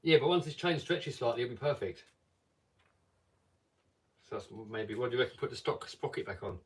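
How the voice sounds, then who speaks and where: A man's voice: medium pitch, animated, fairly quick, far from the mic. A man hosting a casual live stream, chatting and reading viewer comments aloud.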